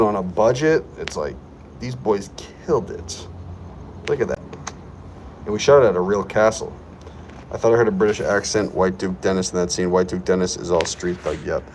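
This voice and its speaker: A young man chats through his livestream in a low voice, greeting viewers and joking around. Faint background noise sits under the talk. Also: moderate pace, pauses often, a little mellow, rough recording. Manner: playful, reads chat aloud, hypes himself up. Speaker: livestream host. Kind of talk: casual livestream chat. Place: current location he names while streaming.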